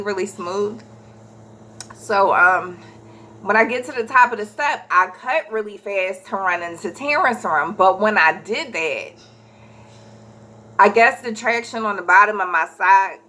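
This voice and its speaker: A woman in her thirties, a vlogger casually telling a personal story, animated and correcting herself as she goes. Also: medium pitch. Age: 30s. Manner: animated, acts out quoted voices, corrects herself mid-story.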